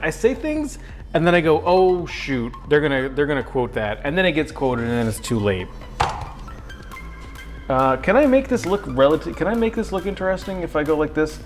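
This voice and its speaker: A young man hosting a cooking livestream from his home kitchen, joking with viewers in a goofy, self-mocking way. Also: on the high side. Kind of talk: casual cooking livestream chat.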